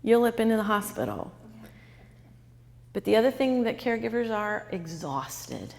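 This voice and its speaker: A woman's voice: medium pitch, big pitch swings, moderate pace, vocal fry, darkish tone, in a large hall. A woman author giving an interactive talk to a live audience, quizzing the listeners and repeating their answers back. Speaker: author and speaker.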